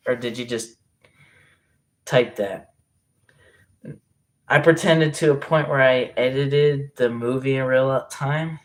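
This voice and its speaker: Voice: medium pitch, slow, long pauses. Rambling, swearing livestreamer reading chat. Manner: rambling, self-interrupting, reacting to chat messages; swearing freely.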